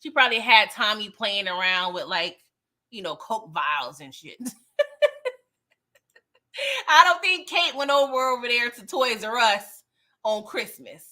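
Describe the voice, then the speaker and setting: Speaking unhurriedly with long pauses, a TV recap host uses a medium-pitched, sharp-toned voice with lively intonation. In her live episode chat she's slangy and emphatic, laughing often and repeatedly asking "okay?".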